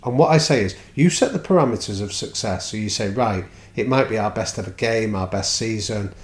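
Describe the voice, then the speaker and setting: A brisk, lowish-voiced man tells stories as a podcast guest focused on culture and leadership, playing out the people he quotes. The recording has an echoey, roomy quality.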